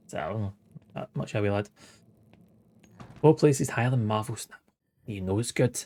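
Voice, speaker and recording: A man in his late thirties streams a game as a casual let's-play, reading its dialogue aloud amid wry, sweary, chuckling asides. His voice is on the low side and a little mellow, at normal speed with long pauses.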